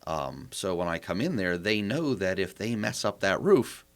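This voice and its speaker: Low voiced guy explaining property management stuff, lots of rhetorical questions. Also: very animated, moderate pace. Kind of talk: casual podcast interview.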